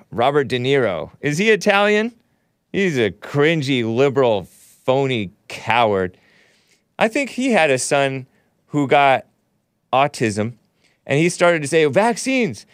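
A man hosting a call-in show, chatting casually, laughing often and jumping up in pitch now and then. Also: clean tone, no echo, studio quality.

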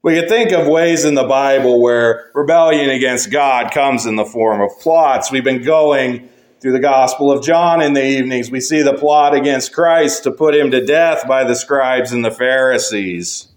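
A male pastor preaching a sermon, measured, rising to emphatic points and dropping low and slow to drive conclusions home.

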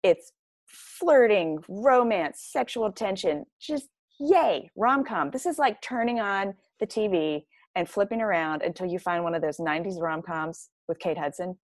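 A woman's voice: lowish voice, moderate pace, no echo, clean studio sound. A woman enthusiastically recommending books in a casual podcast chat. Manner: bubbly, enthusiastic. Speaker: book recommender.

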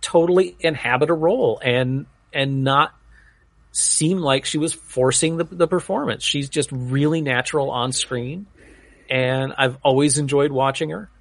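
A man co-hosting a podcast, chatting casually and giving opinions in a lively, chatty way. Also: medium pitch, a little slow, creaky, no room sound. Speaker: podcast co-host.

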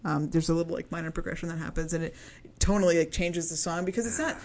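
A woman's voice: fairly low pitch, steady tone, fast, a little mellow. A woman co-hosting a casual music podcast, gushing over songs, giggly and swearing now and then. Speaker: podcast co-host. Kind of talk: casual music review chat.

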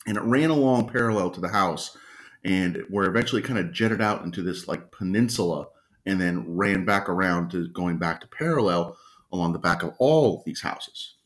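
Man, very deep voice, casual storyteller, clears throat a lot. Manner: unhurried, clears his throat often. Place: at home with a dog nearby.

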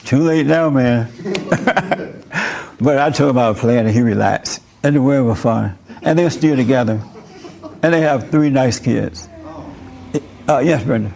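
A man's voice: medium pitch, unhurried, creaky, long pauses, a little mellow. A man hosting a faith discussion, telling stories with a joking manner and turning preachy when he explains. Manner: joking, chuckles through stories. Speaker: host leading a faith discussion. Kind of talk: casual chat.

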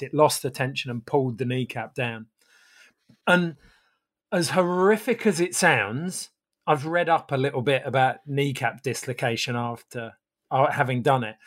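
Calm man telling a story. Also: medium pitch. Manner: calm, matter-of-fact, drops to quiet asides. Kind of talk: casual storytelling.

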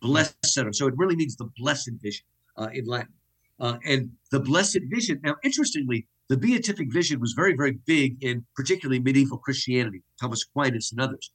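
Husky-voiced man teaching over a call. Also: mid-range voice, fast, fairly bright tone. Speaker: guest professor. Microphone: video call.

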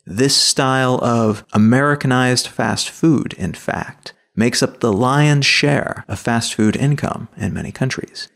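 A man hosting a solo podcast, reading a scripted explanatory narration in a measured, lightly opinionated way. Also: medium pitch, gravelly, a bit bright. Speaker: podcast host.

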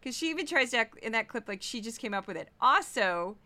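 A woman from Missouri hosting a casual, sarcastic commentary show, mocking news clips with animated asides. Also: fairly high pitch, brisk. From Missouri, United States. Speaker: political commentary host.

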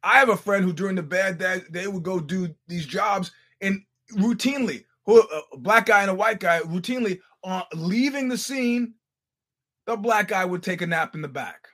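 An older man hosting a podcast, telling stories in a casual, animated, profane way with laughing asides. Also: high-pitched, moderate pace. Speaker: podcast host. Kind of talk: casual storytelling monologue.

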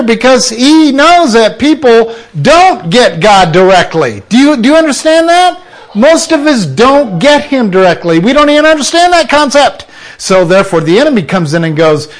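A man preaching a sermon, emphatic and full of rhetorical questions, sometimes dropping into quiet asides. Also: high voice, expressive, normal speed.

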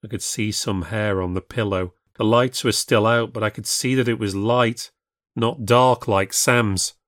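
Man, storyteller, measured ghost-story narration, low voice, dry close sound. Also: no echo. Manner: measured, steady reading. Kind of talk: scripted narration.

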